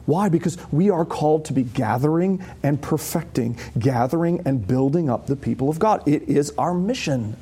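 A man's voice: a little high, lively intonation, moderate pace, few pauses, dark tone, husky. A man preaching a sermon as a pastor, conversational and emphatic, asking the congregation rhetorical questions. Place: church.

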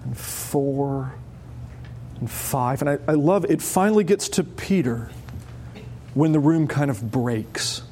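A man preaching a sermon as pastor, animated and wry, often laughing as he explains a passage. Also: medium pitch, takes it slowly, a little hiss or hum.

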